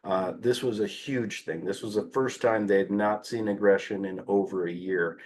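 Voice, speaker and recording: A man giving a conference talk as a behavior analyst, telling fieldwork stories in an animated way with frequent "uh" fillers. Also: on the low side, moderate pace, slight background noise.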